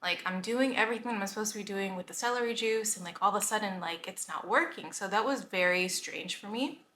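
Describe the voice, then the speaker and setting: Bright chatty woman in an echoey room. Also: medium pitch, brisk, a little hiss or hum. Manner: chatty, many "like" fillers, laughs often. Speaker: vlogger. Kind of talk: casual talk to camera.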